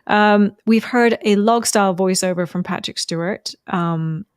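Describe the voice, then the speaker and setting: A woman's voice: medium pitch, a little slow, smooth, no echo, clean studio sound. A woman co-hosting a podcast, chatting casually and rambling with many ums. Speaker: podcast co-host. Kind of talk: casual recap chat.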